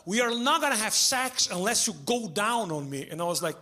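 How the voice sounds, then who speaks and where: A man's voice: high-pitched, fairly quick, few pauses, background noise. A man performing a stand-up comedy set, acting out the voices in his stories. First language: Portuguese. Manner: animated storytelling, acts out voices, shouts for punchlines. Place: theater stage before a live audience.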